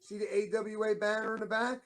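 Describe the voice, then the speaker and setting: Speaking in a high-set, level, brisk and slightly bright voice, a middle-aged talk show co-host and ex-wrestler spins rambling, casual stories. He performs the lines of dialogue he quotes.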